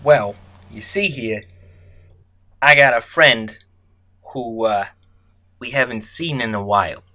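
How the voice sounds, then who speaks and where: Picture a gruff middle-aged man in a dark suit, sitting across a desk and leaning in with a folksy drawl, as a man puts on the voice. The tone is bright and forward, and the tabletop game character speaks slowly and slyly. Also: medium pitch.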